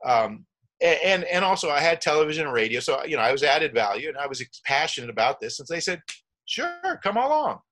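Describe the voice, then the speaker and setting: A man's voice: on the high side, fast, bright, forceful tone. A middle-aged man telling a long travel story in a rambling way, with many restarts and acted-out quotes. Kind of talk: casual storytelling.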